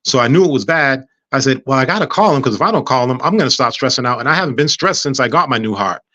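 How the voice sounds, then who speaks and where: A man telling a personal story in casual chat, animated, acting out dialogue with frequent stammers and restarts. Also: medium pitch, fast talker, dry recording. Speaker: guest.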